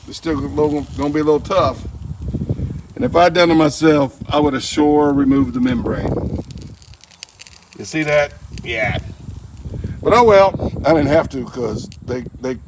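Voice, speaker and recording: A man's voice: fairly high pitch, unhurried, long pauses, background noise. A man demonstrating barbecue at an outdoor grill, with folksy joking asides. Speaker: barbecue channel host. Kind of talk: casual cooking demonstration.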